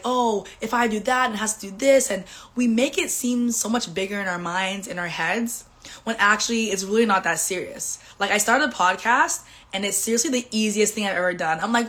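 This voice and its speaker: A young woman chatting through a motivational live stream, bubbly and fast with her thoughts. She fills her talk with "like" and jumps into a higher voice when she acts out what people say. Her voice sits in a middling range. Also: a bit bright. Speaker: coach and host of a live stream.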